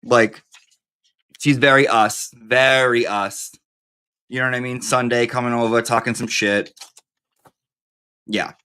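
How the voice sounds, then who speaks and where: A man's voice: medium pitch, fairly even intonation, unhurried, long pauses, pushed and bright, smooth. A man hosting a live stream in casual chat, campy, profane and rambling.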